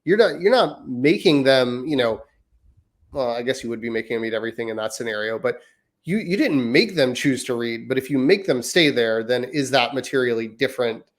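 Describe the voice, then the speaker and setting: A man in his thirties co-hosts a parenting podcast, casually talking through ideas in long, hedging, winding sentences. His mid-range voice is expressive and brisk.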